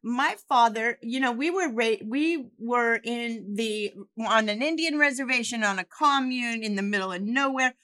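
A woman's voice: on the high side, normal speed, hardly any pauses, fairly bright tone. A woman with a slightly raised voice chats candidly, rambling through stories with frequent restarts and casual swearing. Her tone is loose and conversational. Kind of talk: casual chat.

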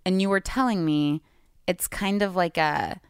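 Woman host with a lisp, sarcastic and playful, lower voice, close dry mic. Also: a little slow, clean tone, no echo. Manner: sarcastic, jokey, laughs a lot. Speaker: podcast host. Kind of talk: casual chat. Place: podcast studio. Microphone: studio mic.

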